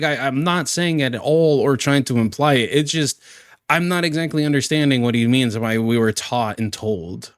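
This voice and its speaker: Young guy ranting in reaction commentary, sarcastic and fed up, swears a lot, mid-pitch, dead dry sound. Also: no echo. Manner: sarcastic, exasperated, swears freely. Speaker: commentary host, former Marine.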